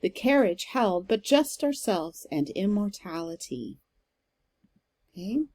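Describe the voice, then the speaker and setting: A woman's voice: medium pitch, very animated, slow, darkish tone. A woman teacher giving a recorded lecture, explaining step by step with some fillers and reading verse aloud with strong stress. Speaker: literature teacher.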